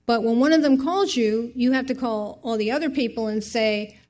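A woman's voice: a little high, moderate pace. Chatty older woman telling a story. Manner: chatty, lively, acts out quoted voices. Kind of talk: personal storytelling to an audience.

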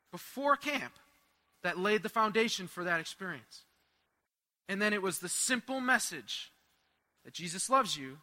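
Bright-voiced young male preacher. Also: sits high. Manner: animated storytelling with laughs and asides. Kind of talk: sermon with personal story.

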